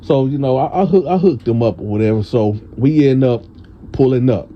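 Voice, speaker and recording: A man from tells a prison storytime in a casual, animated way. He acts out his friends' voices in a higher pitch. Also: normal speed, lo-fi sound, slight background noise.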